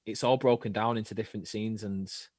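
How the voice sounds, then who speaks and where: A man, an actor and comedian, chatting as a podcast guest in relaxed, joking banter. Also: fairly low pitch, fast talker, no echo. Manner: laid-back, joking banter. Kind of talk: casual chat.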